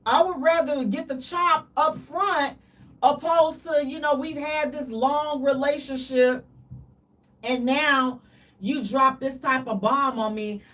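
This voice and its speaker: A woman co-hosting a casual radio talk show, animated and dramatic, with playful exaggeration. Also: high-pitched, slow, distant mic.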